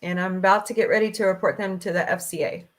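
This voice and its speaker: A middle-aged woman talks straight into her laptop mic at home, hosting a casual stream. She vents in an emotional, personal way, her voice in a middle pitch. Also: fast talker. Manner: emotional, venting, tearful at times. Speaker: podcast host. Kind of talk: casual livestream chat. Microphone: laptop microphone.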